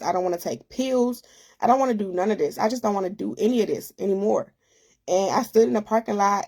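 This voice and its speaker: A woman's voice: mid-range voice, vocal fry, a little mellow. A woman speaking as an author and host, giving a personal testimony in an emotional, conversational way and addressing listeners directly.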